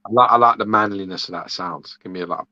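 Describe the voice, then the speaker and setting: A man's voice: fairly low pitch, quick pace, bright, forceful tone, highs cut off. A man on a podcast talking brashly in casual chat, swearing and defiant.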